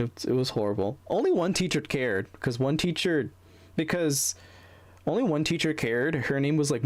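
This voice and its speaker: A young man streaming, telling a bitter story in a rambling, heavily profane way, full of fillers and restarts. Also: medium pitch. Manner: bitter, venting. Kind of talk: casual storytelling on a livestream.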